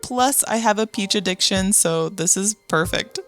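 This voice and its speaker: A woman's voice: medium pitch, normal speed, music in the background. American woman narrating a travel vlog. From United States. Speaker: vlogger in the clip.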